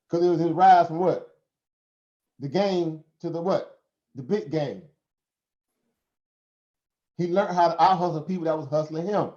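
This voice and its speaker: A man's voice: on the high side, slow pace, long pauses, mellow. A man with a Southern American accent hosting a casual live stream, talking in a preachy way with rhetorical questions and frequent laughs. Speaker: host. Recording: roomy, dull lo-fi stream audio.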